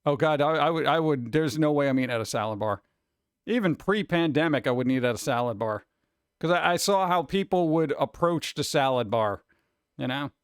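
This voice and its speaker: Male stream host, casual and self-mocking chat; smooth, dry close-mic sound. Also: fairly high pitch, animated, fairly quick, no room sound. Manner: rambling, joking, self-deprecating. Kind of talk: casual chat reading viewer comments.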